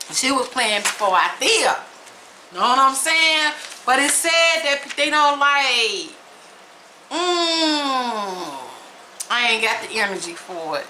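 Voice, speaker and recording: A woman vlogger, reading aloud slowly and reacting with emphatic exclamations. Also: on the high side, animated, bright, forceful tone, a little hiss or hum, poor audio. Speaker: vlog host reading aloud.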